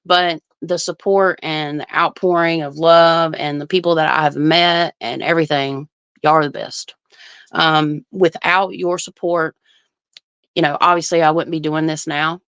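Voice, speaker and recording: Chatty woman with a smooth, dry voice. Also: sits low, steady tone, unhurried, a bit bright, no room sound, dull audio. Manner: chatty, thinks aloud while reading viewer comments. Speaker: astrologer livestream host. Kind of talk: casual livestream chat with viewers.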